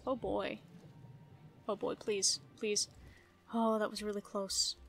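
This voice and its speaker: A woman giving casual gameplay commentary, playful and easily startled, laughing often and yelling at enemies. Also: medium pitch, little pitch movement, takes it slowly. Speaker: gaming video creator.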